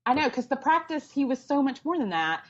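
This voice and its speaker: Animated, sarcastic woman podcast host. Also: high-pitched, a little fast. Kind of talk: casual pop-culture chat. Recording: dull lo-fi sound.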